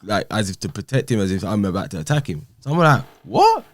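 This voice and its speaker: Low-voiced man, casual and animated as he recounts events; dry studio sound. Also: fast talker, no room sound. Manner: animated, acts out quoted exchanges. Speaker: podcast guest. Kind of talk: casual storytelling.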